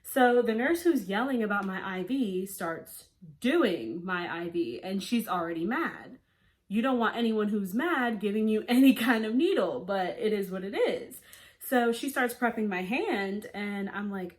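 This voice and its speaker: A young woman vlogger tells a personal story in a storytime vlog, chatty and casual, packing in "like" fillers and animated quoted lines. Her voice is mid-range and a little slow.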